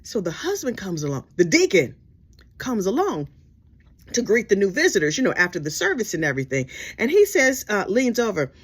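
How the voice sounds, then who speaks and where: A woman telling a gossip story in casual storytelling style, animated and sassy with dramatic asides. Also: mid-range voice, brisk, slightly rough.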